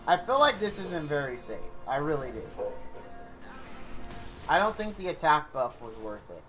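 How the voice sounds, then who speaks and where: Give your excitable streamer commentary to chat, with faint game music behind. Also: male voice, fairly high pitch, moderate pace. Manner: excitable, rambling, thanks chatters by name. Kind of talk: live game stream, chatting with viewers.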